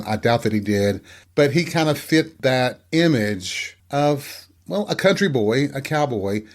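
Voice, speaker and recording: Frank man telling a personal story. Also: medium pitch. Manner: candid, frank and profane. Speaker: podcast host.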